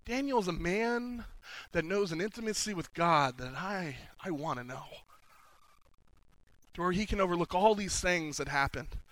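A man preaching a sermon at a conference, swinging from hushed pleading to loud proclaiming. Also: high voice, expressive, moderate pace, no echo, rough recording. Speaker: conference speaker. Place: conference hall.

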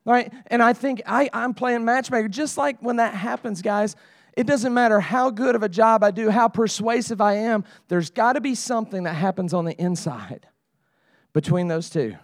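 A man's voice: high-pitched, creaky, dry recording, studio quality. A middle-aged man preaching a sermon to leaders in a conversational way that rises into emphatic pleading. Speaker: pastor.

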